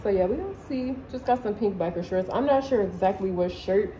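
Young woman, casual vlog chat, excitable, slangy, living room, faint background noise. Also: mid-range voice, brisk, poor audio. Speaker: vlogger. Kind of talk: casual haul video chat.

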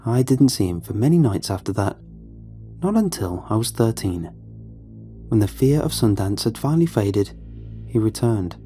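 A man giving a measured, somber scripted horror narration. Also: fairly low pitch, big pitch swings, warm tone, soft background music.

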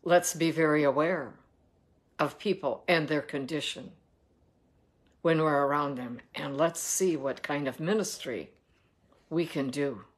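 A woman with a low voice reads the Bible aloud at a slightly slow pace, leaving long pauses. As a devotional teacher, she adds earnest commentary that exhorts listeners to act.

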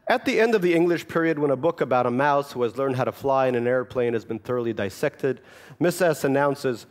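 A man's voice: mid-range voice, fairly quick. A Russian-born man with Russian as his first language, an author reading from his memoir and then chatting about it with dry, self-mocking humor.

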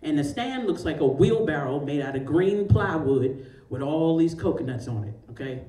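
A woman's voice: low-pitched, expressive, moderate pace, mellow, roomy sound, far from the mic. A woman in her forties doing a stand-up comedy set, telling a profane story with big swings of her voice. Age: 40s. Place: comedy show in a large store.

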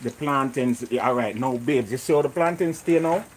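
A man's voice: medium pitch, moderate pace, slight background noise. A man with a Jamaican accent hosting a live cooking stream from a home kitchen, chatting and greeting viewers by name. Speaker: cooking show host.

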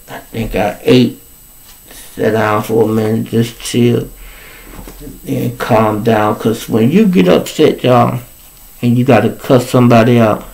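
A man's voice: mid-range voice, creaky, rough recording. A man with a Chicago accent telling a story to his viewers, swearing freely and acting out the other people's lines. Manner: animated, profane, acts out quoted voices.

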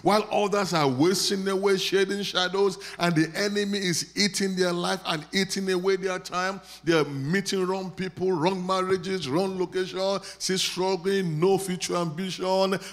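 A man with a Nigerian accent preaching a sermon, leading his congregation in call and response and rising to loud prayer declarations. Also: high-pitched, flat delivery, moderate pace, hardly any pauses. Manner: builds to loud declarations when praying over the congregation. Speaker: pastor.

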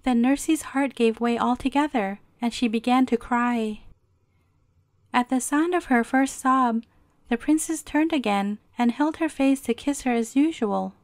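A woman's voice: on the high side, unhurried, dry recording, clean studio sound. Woman reading a bedtime story.

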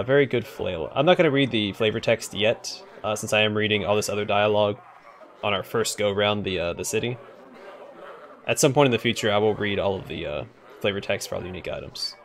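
Guy talking through a game he's playing, lots of uhs, voice swings up and down a lot. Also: fairly low pitch. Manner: relaxed, thinking aloud with frequent hesitations. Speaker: let's play host. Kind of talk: casual gameplay commentary.

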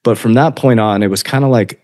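A man in his forties, a podcast guest, telling his life story in an earnest, halting way. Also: medium pitch, darkish tone. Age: 40s. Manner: earnest, halting, often laughing while recounting. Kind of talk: emotional personal storytelling.

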